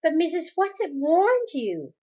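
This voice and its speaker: A woman reading aloud and voicing a frantic teenage girl who pleads and turns shrill. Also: wildly swooping pitch, a little slow, warm tone, muffled recording, exaggerated voice. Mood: pleading. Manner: pleading, rising to shrill screams.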